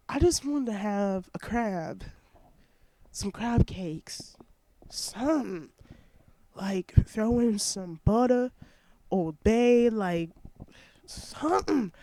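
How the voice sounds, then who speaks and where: A young adult student rambles into a headset microphone, restarting sentences and leaning on fillers. The voice is stuffy and congested, with a mellow, dark tone. The delivery is unhurried and slow. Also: mid-range voice. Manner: rambling, heavy on fillers, self-interrupting. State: congested and sniffling. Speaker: college student vlogger. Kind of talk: casual rambling chat. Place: at home.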